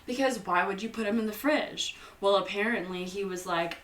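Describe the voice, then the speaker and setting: A woman's voice: medium pitch, moderate pace, a bit bright, reverberant, recorded from a distance. A young woman hosting a casual movie recap, chatty and playful, acting out the characters' lines. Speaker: host.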